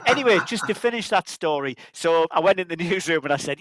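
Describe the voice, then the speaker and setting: A man's voice: on the high side, lively intonation, quick pace, few pauses, noisy background. A man in his sixties, a veteran journalist, telling rambling, self-deprecating stories in an interview over a video call. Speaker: guest, veteran football journalist. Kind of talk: anecdotal interview storytelling.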